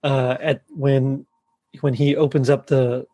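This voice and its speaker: A man's voice: mid-range voice, flat delivery, slow, dark tone, no echo. A man hosting a podcast in easygoing casual chat, laughing often. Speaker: podcast host.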